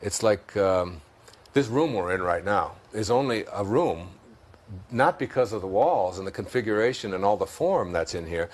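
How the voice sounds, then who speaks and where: Husky man with a Detroit accent. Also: lowish voice, expressive, normal speed. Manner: thoughtful, laughs often while telling stories. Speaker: interview guest. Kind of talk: reflective spiritual interview talk.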